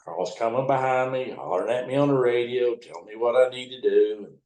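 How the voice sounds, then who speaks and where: Recorded with roomy echo, an older man from the United States, once a river towboat captain, tells salty, folksy tales casually, swearing freely and acting out what others said. His voice is mid-range, a bit mellow, and fairly quick.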